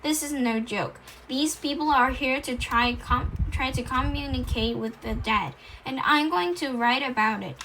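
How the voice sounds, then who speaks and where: Strict dad telling his kid off, woman doing it, high bright voice. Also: a little slow, hardly any pauses, slight background noise, low-quality recording. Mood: stern. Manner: firm, scolding. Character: stern father, a writer.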